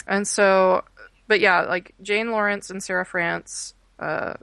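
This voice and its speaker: A young woman from Texas talks in a loose, rambling way, full of fillers and restarts. Her voice carries a gravelly fry and sits at a middle pitch. The sound is dry and close. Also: steady tone, slow, a bit bright, dry recording. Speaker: podcast guest, art education student. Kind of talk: casual chat.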